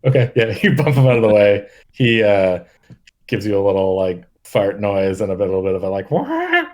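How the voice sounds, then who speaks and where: A man with a fairly low voice narrates a tabletop game as its game master. He rambles through his descriptions with plenty of fillers and breaks into frequent laughter. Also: flat delivery, a little fast, a little mellow.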